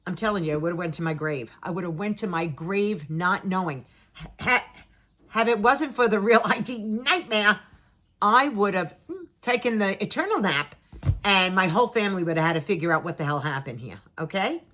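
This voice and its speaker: A woman's voice: mid-range voice, moderate pace. A middle-aged woman telling a personal story to her viewers in a casual, dramatic way, acting out what people said and repeating words for emphasis. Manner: animated, dramatic, acts out her own and others' lines.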